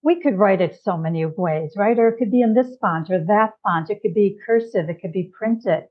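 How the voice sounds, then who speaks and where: A woman's voice: medium pitch, moderate pace. A middle-aged woman from Chicago, a guest expert, patiently explaining ideas with examples in conversation. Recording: tinny phone-like call audio.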